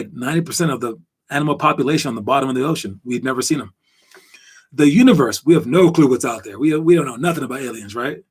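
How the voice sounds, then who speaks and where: A man hosting a casual basketball podcast, rambling and animated with lots of fillers. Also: mid-range voice, breathy edge. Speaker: podcast host.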